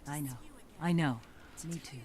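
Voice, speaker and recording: A woman's voice: sits low, normal speed, a crowd in the background, natural voice. An actress voicing a wary woman adventurer in a video game, dry in manner.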